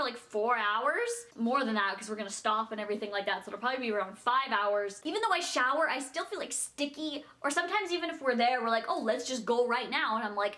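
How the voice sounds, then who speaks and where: A woman's voice: on the high side, sharp tone. A young woman chatting casually in a vlog as she packs, rambling and giggling as she talks. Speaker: vlogger.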